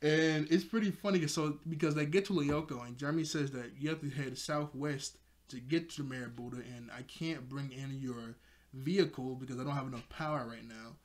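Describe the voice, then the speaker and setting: A man's voice: medium pitch, fairly even intonation, brisk. A man sits and talks through a cartoon episode in a loose, chatty way. His voice sits in an ordinary middle range. He laughs often and scatters fillers through his sentences. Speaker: show reviewer. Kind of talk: casual episode recap.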